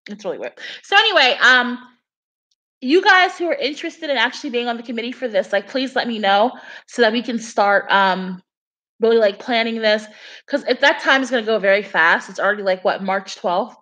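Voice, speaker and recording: A woman's voice: fairly high pitch, brisk, sharp tone. A young woman chatting casually on a livestream, telling a story in a rambling way full of fillers. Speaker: livestream host.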